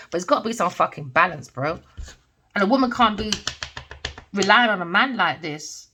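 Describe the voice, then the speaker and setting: A woman's voice: medium pitch, bright, forceful tone. A woman giving a tarot reading in an unscripted monologue, speaking bluntly and emphatically, swearing, and asking herself rhetorical questions. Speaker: tarot reader.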